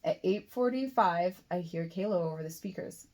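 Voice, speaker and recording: A woman's voice: on the low side, moderate pace, few pauses, a little mellow. A woman reading her own novel aloud as a first-person audiobook, in a plain reading voice that slips and restarts now and then.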